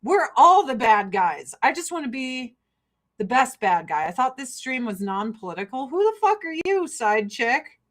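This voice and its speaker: A woman's voice: sits high, sing-song, moderate pace, fairly bright tone. An American woman hosting a casual livestream, talking bluntly and swearing freely while she laughs often and sells skincare. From United States. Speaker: livestream host selling skincare.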